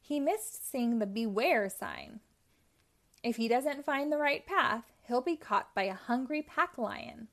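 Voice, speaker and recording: A woman reading a children's storybook aloud in a slow, expressive way, lightly voicing the characters. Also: fairly high pitch, vocal fry. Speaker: storybook reader.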